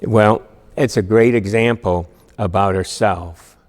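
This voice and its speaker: Low-voiced man lecturing in a hall. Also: fairly even intonation, slow pace, a little mellow. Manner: earnest, conversational, asks the class questions. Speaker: teacher of an emotional resilience class. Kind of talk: classroom lecture reading aloud.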